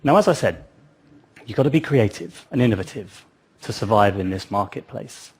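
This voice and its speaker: A man's voice: lowish voice, lively intonation, moderate pace, breathy edge. A man giving a public talk, telling it as a story with wry asides. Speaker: speaker.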